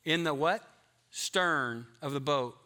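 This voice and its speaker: A middle-aged man preaching a sermon, emphatic, moving between loud stretches and hushed ones. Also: a little high, slow. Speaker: pastor.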